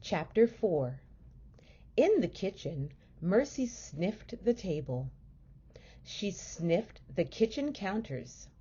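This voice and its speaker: A woman teacher reading a children's storybook aloud in a gentle, expressive way. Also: medium pitch, slow pace, slightly rough, highs cut off.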